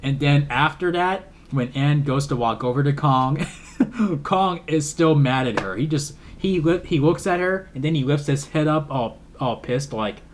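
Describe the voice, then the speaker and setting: A man's voice: a little high, moderate pace, slight background noise. A man casually reviewing a movie, rambling, repeating himself and laughing often. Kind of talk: casual film review vlog.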